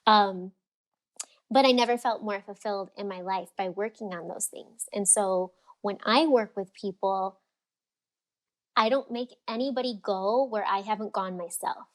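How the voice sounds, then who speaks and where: A woman speaking as a guest coach in a casual podcast interview, talking in a lively way and acting out the voices of people she quotes. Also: mid-range voice, measured pace. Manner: animated, acts out quoted voices. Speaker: freedom and fulfillment coach, guest.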